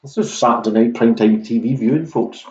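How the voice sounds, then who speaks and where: A man's voice: medium pitch, a little fast, a little mellow. A man hosting an online pub quiz in a casual, jokey way, swearing freely as he reads out questions. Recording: roomy, dull lo-fi room sound.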